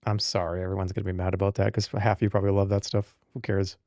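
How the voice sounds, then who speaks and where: A man's voice: sits low, rapid-fire, no echo, studio quality. Rambling joking streamer man. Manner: rambling, joking banter with chat, swings into loud animated rants. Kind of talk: casual live-stream chat.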